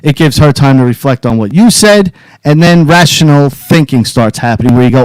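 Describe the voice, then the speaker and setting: A man's voice: medium pitch, lively intonation, a little fast, a little mellow, smooth, no echo, poor audio. A man co-hosting a casual advice talk show, brash and boastful, cursing freely as he talks. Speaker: podcast co-host.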